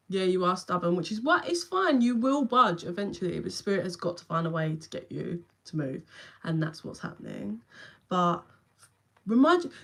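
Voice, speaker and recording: A woman's voice: medium pitch, a bit bright. Chatty young London woman reading tarot. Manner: chatty, addresses viewers by name, casual swearing. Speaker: tarot reader. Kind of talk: live-stream reading to viewers. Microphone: phone.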